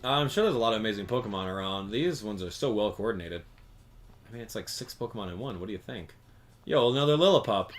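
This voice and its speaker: A man narrates his playthrough in a casual, chatty way, reading lines from the screen and reacting to them. His pitch rises and falls a lot. Soft game music plays beneath his voice. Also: animated, fast. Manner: chatty, reads game text aloud and reacts. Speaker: video game commentator. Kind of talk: gameplay commentary.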